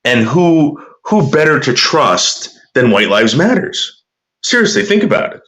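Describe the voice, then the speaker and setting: A man's voice: mid-range voice, sing-song, unhurried, fairly bright tone. A man casually chatting and telling a rambling, profane story while reacting to viewer comments.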